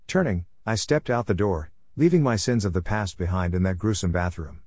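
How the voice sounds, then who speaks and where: A man with a low voice reads a first-person story in an earnest, reflective way. The recording is dry and close, without room echo. He tells it steadily as a storyteller. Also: normal speed, hardly any pauses, a little mellow. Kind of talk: scripted first-person narration.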